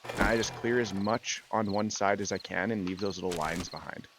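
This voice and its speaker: A man's voice: sits low, moderate pace, background noise. A man in his thirties telling a rambling story in casual chat while gaming, swearing often and filling with "like". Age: 30s. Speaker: gaming video host.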